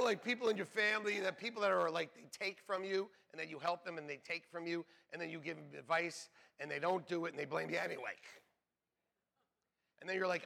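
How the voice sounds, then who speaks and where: Joking, dynamic male pastor, bright tone. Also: fairly high pitch, quick pace, vocal fry. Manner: conversational, joking asides, drops to near whispers then builds to shouts. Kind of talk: sermon.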